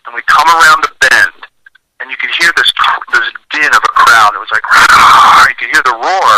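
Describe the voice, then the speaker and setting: A man's voice: mid-range voice, fairly quick, heavy background noise. A man in his forties, a former football lineman, telling chatty stories in an interview with many fillers. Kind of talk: casual storytelling interview.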